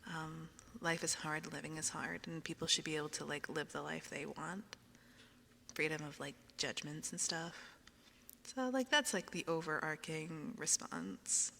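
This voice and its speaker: A woman streaming ASMR into a binaural mic, chatting softly, often whispering and giggling as she reads out questions. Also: deep voice, measured pace, creaky, big-room sound, slight background noise. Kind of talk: soft whispered stream chat. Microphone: binaural microphone.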